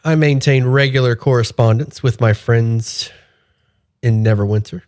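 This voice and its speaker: A man's voice: mid-range voice, moderate pace, darkish tone, natural voice. A man voicing a pompous, self-important male town leader in a tabletop game. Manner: pompous, theatrical.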